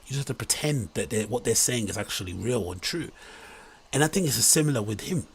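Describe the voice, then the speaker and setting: A man talks through a reaction commentary, rambling and incredulous. His voice has a husky edge, and his delivery swings into mock enthusiasm. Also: mid-range voice, animated, brisk. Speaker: commentary host.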